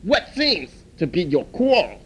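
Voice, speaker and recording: Old male restaurant elder, calm, slow, humming, soothing comedy-skit voice, a man doing it. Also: high-pitched, slight background noise, full character voice, poor audio. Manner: slow and soothing, hums between phrases.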